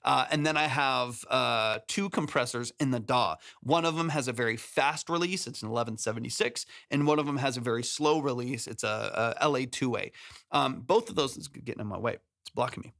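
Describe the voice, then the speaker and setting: A man's voice: medium pitch, fairly quick, creaky, a bit bright. A man hosting a live music-production stream, explaining mixing with examples and many fillers, through a close, compressed studio mic. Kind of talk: live stream feedback chat.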